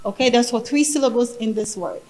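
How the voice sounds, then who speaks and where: High-pitched woman teaching a room, lively teacher vibe, repeats stuff to drive it home. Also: a little fast, low-quality recording. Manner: animated, teacherly, repeats words for emphasis. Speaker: speaker teaching pronunciation. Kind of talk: interactive classroom-style talk. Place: conference hall.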